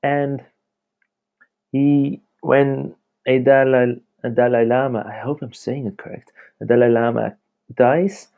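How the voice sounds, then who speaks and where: A man's voice: mid-range voice, steady tone, takes it slowly, creaky, narrow, tinny audio. A young man hosting a casual late-night podcast from home, rambling and chatty, laughing often as he talks. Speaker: podcast host.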